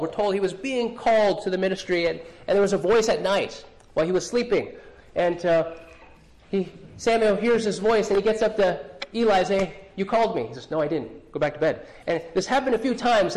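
A man's voice: sits high, a little mellow. A man preaching a sermon, earnest, often restarting his words as he speaks. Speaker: pastor.

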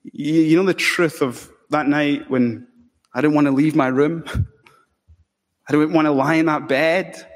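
A man preaching a sermon with passion, building to loud emphatic peaks. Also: a little high, steady tone, measured pace. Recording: long hall reverb.

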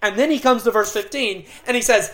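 A middle-aged pastor delivering an expository sermon, earnest and emphatic, with dramatic pauses and occasional restarts. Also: male voice, high-pitched, a bit bright.

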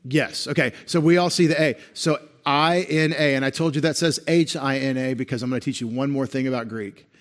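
A man's voice: mid-range voice, fairly quick, few pauses. A man preaching an expository sermon, patiently explaining Greek grammar and pointing things out on a screen like a teacher. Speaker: pastor.

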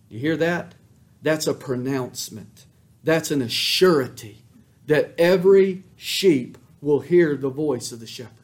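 A man preaching a sermon as pastor, fervent, swelling loud on emphatic lines and dropping soft on quiet ones. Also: mid-range voice, measured pace.

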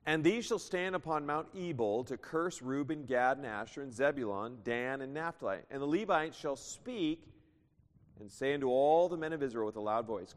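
In a church sanctuary, a man preaches a sermon, reading scripture aloud, explaining it, and sometimes raising his voice. He speaks briskly in a mid-range voice with lively intonation, and the recording carries a long hall reverb.

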